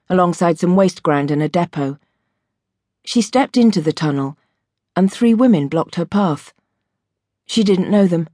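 A woman reading an audiobook in a measured, vivid storytelling voice. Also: lowish voice, darkish tone, no echo, clean studio sound. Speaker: audiobook narrator. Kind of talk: scripted audiobook narration.

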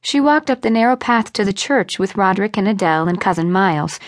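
A woman reads a novel aloud with expressive storytelling, her voice at a middle pitch. The recording is close and dry. She shifts her voice to play each character. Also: a little fast, no echo. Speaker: audiobook narrator. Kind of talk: scripted narration.

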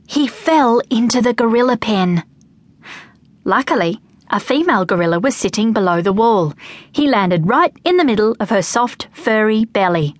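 A woman narrating a children's audiobook with lively, expressive storytelling. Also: a little high, normal speed, no room sound.

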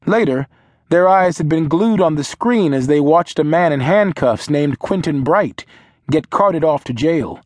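A man narrating a novel in a measured, steady storytelling manner. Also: fairly high pitch, no echo, clean studio sound. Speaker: audiobook narrator. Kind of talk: scripted narration.

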